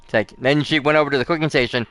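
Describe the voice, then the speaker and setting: Smooth-voiced man chatting over a game. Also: fairly high pitch, steady tone, very fast, a bit bright, faint music behind. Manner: rambling and chatty, with many fillers and restarts. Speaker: gaming channel host. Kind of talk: casual let's play commentary.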